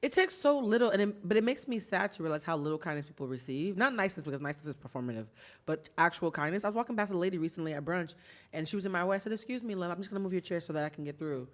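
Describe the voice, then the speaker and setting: A woman's voice: lowish voice, animated, rapid-fire. A woman over forty hosting a podcast, telling stories in casual chat, laughing often and swearing freely. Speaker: podcast host.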